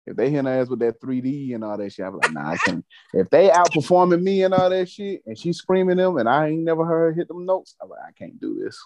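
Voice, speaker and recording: Animated, lively man telling stories. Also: a little high, quick pace, hardly any pauses, no echo. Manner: animated storytelling with slang and profanity. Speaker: podcast host. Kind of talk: casual chat.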